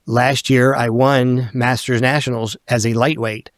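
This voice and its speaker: A man's voice: medium pitch, measured pace, dry recording. Middle-aged man telling stories, dry sound. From Northern Virginia, USA. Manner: animated storyteller who acts out quoted people, swears casually. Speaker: podcast guest. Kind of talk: casual storytelling conversation.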